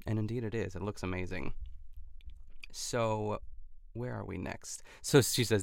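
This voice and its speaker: A man with a low voice talks over a close, dry podcast mic. His tone is smooth but gravelly, with frequent fry. He chats casually, packing his sentences with "like" and restarts. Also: steady tone, a little slow, no echo. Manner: chatty, lots of "like" fillers and restarts. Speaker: podcast host. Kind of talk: casual recap chat.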